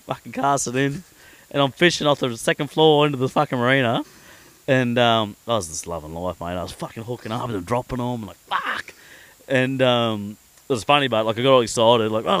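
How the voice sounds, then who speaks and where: An Australian pro angler appears as a podcast guest, speaking at medium pitch, a little fast, with no echo. He's an animated storyteller whose casual talk is heavily sweary, with swearing constantly throughout.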